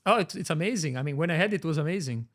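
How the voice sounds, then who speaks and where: A man's voice: on the high side, animated, rapid-fire, fairly bright tone. A man with an Italian accent, a native Italian speaker hosting a casual talk show and repeating his points for emphasis. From Italy. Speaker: podcast host. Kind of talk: casual chat.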